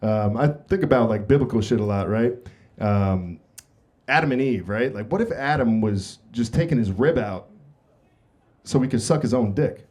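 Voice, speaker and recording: A man's voice: medium pitch, expressive, normal speed, darkish tone. A man doing a blunt, confessional stand-up comedy set on a club stage. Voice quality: blunt, confessional, jokey delivery.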